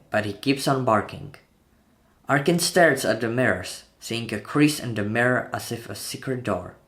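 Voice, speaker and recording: A man's voice: mid-range voice, fairly bright tone. A man retelling a horror film scene by scene in a tense, dramatic narration, voicing the sound effects himself. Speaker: channel host narrating a film breakdown.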